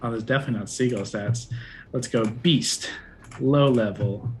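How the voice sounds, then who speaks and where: A man's voice: medium pitch, moderate pace. Joking man running a tabletop game. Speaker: game master.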